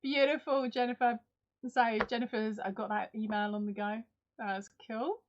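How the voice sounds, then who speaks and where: A chatty woman with an Essex accent hosts a live stream, calling viewers by name and poking fun at herself. Her voice sits a touch high. The sound is dull and lo-fi, like home streaming audio. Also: steady tone, moderate pace. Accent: Essex English. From Essex, England. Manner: chatty, self-deprecating, talks to viewers by name. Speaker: crochet channel host. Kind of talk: live-stream giveaway chat.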